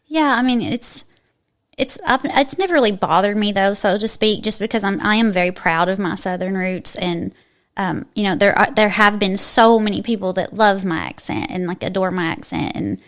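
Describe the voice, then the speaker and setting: A woman's voice: medium pitch, moderate pace. A woman with an eastern Kentucky twang talking as a podcast guest in a chatty, emphatic way, often restarting her sentences. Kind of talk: casual interview chat.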